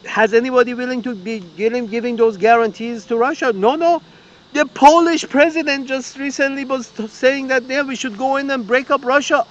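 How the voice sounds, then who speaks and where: This muffled clip features a man with an extremely high pitch and a fairly bright tone. He's a political commentator venting in an angry, cursing open letter, repeating himself and often starting sentences over.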